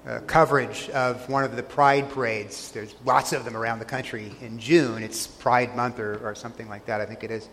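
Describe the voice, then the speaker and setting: A man's voice: mid-range voice, fairly bright tone, in a large hall. A man preaching a sermon, earnestly retelling scripture scenes and pressing each point with emphasis. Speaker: pastor.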